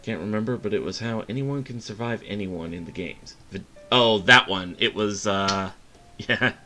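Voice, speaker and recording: A man's voice: on the low side, normal speed, pushed and bright, faint music behind. A man streaming a game live, chatting casually and laughing between reads.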